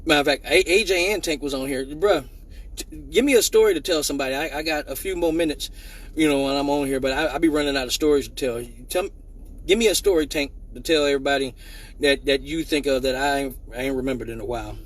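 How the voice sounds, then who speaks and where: A man hosting a live stream, telling a profane story in a lively way and acting out the voices of the people in it, with many restarts. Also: on the high side, fast, recorded from a distance. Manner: animated, acts out quoted voices with many restarts.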